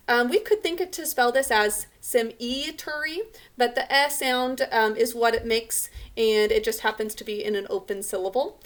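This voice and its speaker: A woman teacher giving a recorded spelling lesson, patiently sounding out each syllable and letter sound. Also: a little high.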